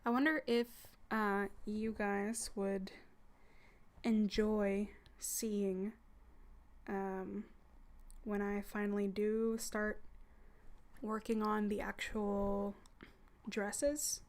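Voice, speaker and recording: A woman hosting a casual livestream chat as a hypnosis content creator, soft and teasing, often dropping into a whisper. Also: mid-range voice, flat delivery, very slow.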